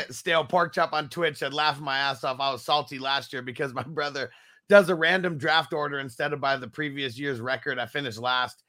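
A man's voice: mid-range voice, fairly even intonation, fairly quick, pushed and bright. A man co-hosting a podcast in a laid-back way, laughing along and reading viewer comments aloud. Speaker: podcast co-host. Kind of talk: casual podcast chat.

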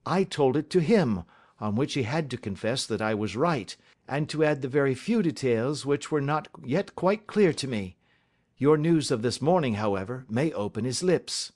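A man voicing a composed, stern male detective in an audiobook, deliberate and authoritative. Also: a little high, darkish tone, natural voice. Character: calm, stern male detective, measured and assured. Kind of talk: audiobook character reading.

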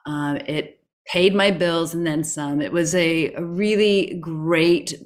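A woman telling a personal story on a talk show, animated and full of restarts. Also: deep voice, takes it slowly. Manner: animated, with many restarts and excited rises. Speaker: co-host.

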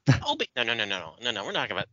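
A man's voice: mid-range voice, huge pitch swings, rapid-fire, bright, forceful tone, dry recording, dull audio. A man co-hosting a podcast in casual chat, opinionated and ranting. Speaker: podcast co-host.

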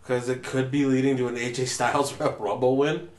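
A man co-hosting a wrestling podcast, chatting fast and joking sarcastically. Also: mid-range voice, level tone. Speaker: podcast co-host. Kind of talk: casual chat. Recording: echoey room.

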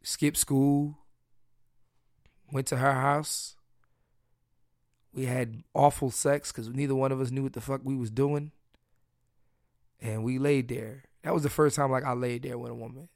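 A podcast host tells candid, crude, joking personal stories in a casual solo chat. His voice is mid-range, recorded dry with clean studio sound.

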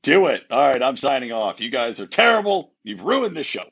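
A man calling in to a podcast with a rough, sick voice, joking and laughing as he talks. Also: mid-range voice, sing-song, a little fast, a bit bright. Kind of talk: casual chat. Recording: lo-fi call-in audio.

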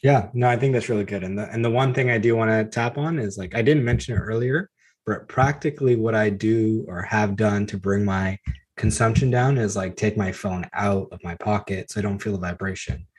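Male co-host, low and a bit husky, relaxed conversational questioner. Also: brisk. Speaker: podcast co-host. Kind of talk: casual faith discussion.

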